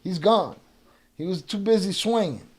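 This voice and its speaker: High-voiced profane livestream host. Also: male voice, normal speed, husky. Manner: profane, confrontational, heavy street slang; reads viewer chat aloud. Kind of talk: casual livestream chat.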